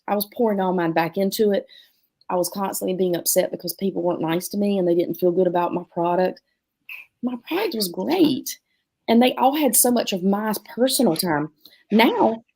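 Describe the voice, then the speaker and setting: Lively storytelling woman studio owner. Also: mid-range voice. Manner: animated, acts out quotes in different voices. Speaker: guest, dance studio owner. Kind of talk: casual storytelling chat.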